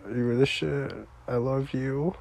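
A man's voice: medium pitch, steady tone, measured pace, creaky, a little mellow, dry recording. A man crying as he records a rambling, profane, heartbroken personal voice message.

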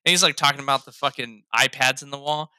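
Guy gushing about a movie, swears a lot, laughs, acts out quotes, smooth clear voice. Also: mid-range voice, fairly even intonation, fast, pushed and bright, dry recording, studio quality. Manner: laughing, profane, quotes lines in raised voices. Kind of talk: casual movie review chat.

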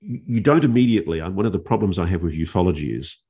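A male journalist telling a story in an interview, animated, with restarts and dramatic pauses. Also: deep voice. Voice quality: gravelly, husky.

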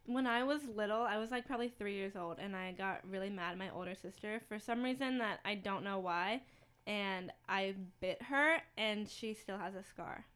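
A woman's voice: medium pitch, normal speed, a bit bright, clear, resonant tone. A young woman in a casual podcast chat, wryly self-mocking. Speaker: podcast co-host.

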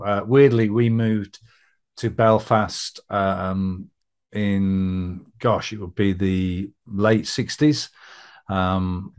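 A middle-aged man with a Middle English accent and a northern twang, a podcast guest telling his life story in a chatty, rambling way, often laughing, with many fillers. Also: fairly low pitch. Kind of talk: personal storytelling interview.

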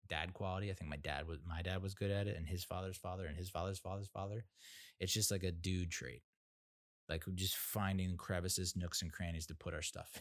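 A man's voice: low voice, dry recording, clean studio sound. A man telling a rambling, profane, self-mocking story in casual talk.

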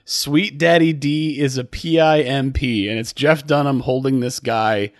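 A man's voice: mid-range voice, fairly even intonation, measured pace, dry recording. Guy cohosting a podcast, lots of ums and restarts, dry sound. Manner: hesitant, many fillers and restarts. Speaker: podcast co-host. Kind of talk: casual chat.

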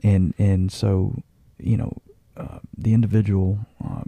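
A man who is a guest on a podcast, talking in a halting, heartfelt way and often repeating words. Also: on the low side, flat delivery, vocal fry, dark tone, no room sound. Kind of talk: casual conversation.

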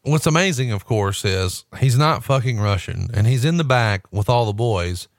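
A man's voice: mid-range voice, normal speed, dry recording. A man in a casual podcast chat, blunt and cursing freely as he banters. His voice sits in a middle range, and the sound is dry and close. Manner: blunt, profane, animated banter. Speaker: podcast co-host.

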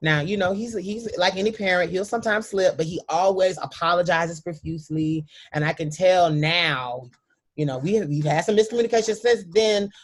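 Speaking at a fairly low pitch, a woman recounts a moving personal story as a guest, often talking directly to listeners. Her delivery is emphatic and at times halting.

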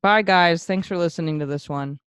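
A woman's voice: fairly low pitch, a little fast, fairly bright tone, smooth, no echo, studio quality. A young woman co-hosting a casual podcast. She teases her friend and laughs often. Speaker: podcast co-host.

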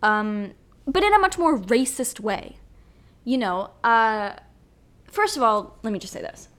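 A young woman with a fairly high voice hosts a solo podcast. She rants in a profane, animated, rambling way, swinging between loud outbursts and quiet asides. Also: unhurried. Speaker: podcast host.

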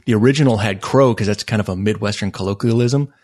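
A man co-hosts a podcast and shares music trivia in a relaxed, unhurried way. His voice sits somewhat low. He pauses here and there with small fillers while he explains. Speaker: podcast co-host. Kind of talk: casual podcast chat, sharing music trivia.

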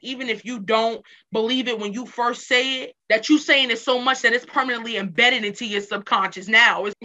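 A woman's voice: on the high side, sharp tone, highs cut off. A woman guest giving earnest, emphatic life advice in a casual interview, repeating phrases for stress. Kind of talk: casual motivational talk.

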